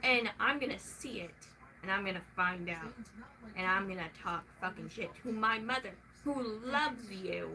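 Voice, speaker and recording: A young woman venting in a casual vlog, swearing freely and swinging from soft talk to loud shouting. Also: mid-range voice, lively intonation, moderate pace, slight background noise, poor audio.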